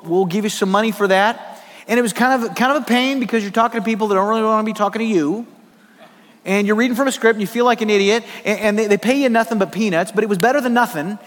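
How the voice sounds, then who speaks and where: A preacher from South Dakota telling a personal story in a sermon, animated and humorous. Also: male voice, sits high. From South Dakota, USA. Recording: long reverb of a large hall.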